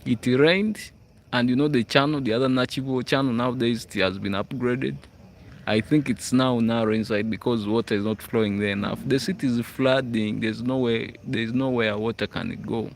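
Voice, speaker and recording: In a casual live chat, a Ugandan man hosting a livestream reads out his viewers' comments in Ugandan-accented English, peppering his talk with "hmm?" check-ins. His mid-range voice holds a fairly even intonation at a moderate pace, with slight background noise, and he's outdoors on school grounds at night.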